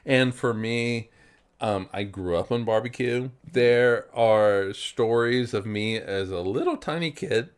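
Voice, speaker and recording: Slow, rambling man. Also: medium pitch, smooth. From South Carolina, US. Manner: rambling, many fillers and restarts. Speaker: podcast co-host. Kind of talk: casual chat.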